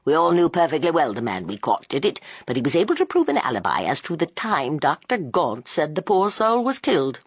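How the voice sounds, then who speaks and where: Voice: mid-range voice, huge pitch swings, fairly quick, hardly any pauses, husky, no room sound, full character voice. An audiobook reader voicing a kindly, plain-spoken police inspector who talks in a colloquial way. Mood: confiding. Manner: colloquial, good-natured.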